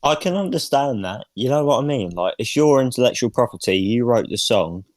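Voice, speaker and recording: A man co-hosting a podcast, with a low, monotone voice and a jokey, deadpan way of talking that drifts into casual swearing. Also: brisk, no room sound. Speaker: podcast co-host. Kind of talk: casual chat, reading fan mail aloud.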